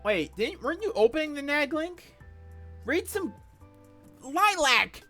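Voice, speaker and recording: A man streaming himself reading a webcomic aloud, with animated commentary full of swearing and excitable outbursts. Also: very high-pitched, moderate pace, soft background music.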